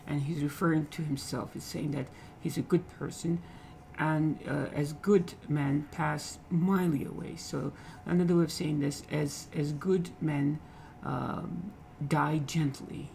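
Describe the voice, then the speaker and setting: Male lit teacher, gravelly fry voice, halting, repeats phrases, faint background hiss. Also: on the high side, fairly even intonation, a little mellow, poor audio. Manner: repeats phrases, frequent "okay?" checks, halting restarts. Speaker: literature teacher. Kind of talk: explaining a poem in a lecture.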